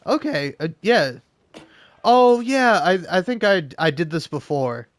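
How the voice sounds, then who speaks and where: A man's voice: high voice, sing-song, unhurried, dry recording. A man rambling casually from home while playing a game, swearing and laughing often. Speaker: let's play host. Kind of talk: casual gaming commentary.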